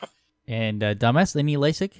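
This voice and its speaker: A man's voice: medium pitch, lively intonation, fairly quick, dry recording, clean studio sound. A man co-hosting a casual podcast, teasing his co-hosts and laughing often. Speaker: podcast co-host. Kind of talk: casual chat.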